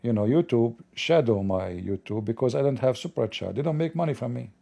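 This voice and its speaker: Male livestream host, gravelly and dark, sarcastic and mocking, non-native English delivery. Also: mid-range voice, lively intonation, fairly quick. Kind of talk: livestreamed commentary.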